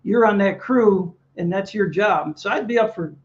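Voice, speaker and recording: A man's voice: sits high, normal speed, lo-fi sound. A man, a navy veteran, telling his service stories in an interview and acting out the dialogue. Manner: animated anecdotes, acts out dialogue. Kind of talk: storytelling interview.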